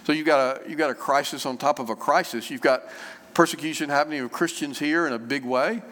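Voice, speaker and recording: A man preaching a sermon, unhurried and conversational, with frequent fillers and repeated phrases. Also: fairly high pitch, fairly bright tone. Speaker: pastor. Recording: long reverb of a church hall.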